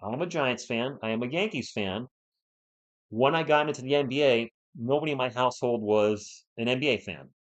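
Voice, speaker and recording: A man from New England hosting a live sports stream, giving play-by-play and answering viewers in an excitable, fired-up way. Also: mid-range voice, moderate pace, dull audio. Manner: excitable, fired-up, talks straight to chat viewers. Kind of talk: live play-by-play commentary and chat replies.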